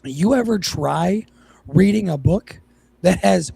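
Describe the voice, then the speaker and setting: High gravelly dude going off on a podcast, cussing a lot, kinda husky. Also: male voice, expressive, takes it slowly, mellow. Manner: ranting, swears freely, mocking voices. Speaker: podcast co-host. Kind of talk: casual profane chat.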